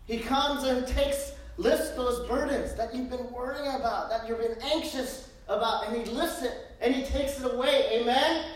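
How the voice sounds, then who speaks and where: A woman pastor preaching a sermon in a lively, joking way, full of rhetorical questions, in a church. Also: a little high, normal speed, few pauses. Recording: very echoey room, distant mic.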